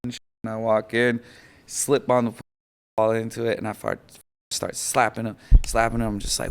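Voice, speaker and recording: Guy on a podcast telling a heavy story, smooth clear voice, lots of you knows, acts out the quotes. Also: mid-range voice, normal speed. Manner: animated, acts out quotes, many fillers. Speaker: podcast guest. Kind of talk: emotional personal storytelling.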